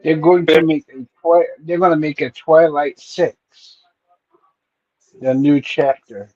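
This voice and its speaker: A man hosting a casual livestream chat who talks haltingly, with many fillers and restarts. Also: on the high side, fairly even intonation, darkish tone, no room sound, muffled recording. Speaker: streamer host.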